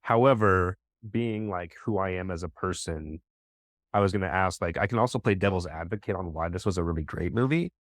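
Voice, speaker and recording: A man's voice: low voice, brisk, dry recording, clean studio sound. A man appearing as a podcast guest in casual chat, hesitant and heavy on fillers as he builds his argument.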